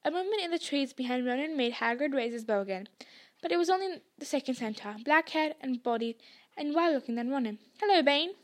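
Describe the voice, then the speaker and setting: A woman narrating a book chapter aloud in a hushed storytelling manner. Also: high voice, lively intonation, fast talker. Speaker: podcast reader. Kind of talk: audiobook narration.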